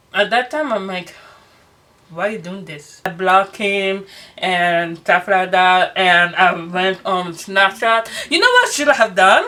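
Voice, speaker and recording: A young woman vlogger in casual storytime chat, animated and swearing as she acts out quoted dialogue. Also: medium pitch. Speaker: beauty vlogger.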